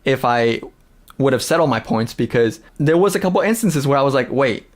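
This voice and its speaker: A man's voice: medium pitch, lively intonation, a little fast. A man hosting a live stream, talking casually with lots of fillers, restarts and swearing. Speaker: streamer host.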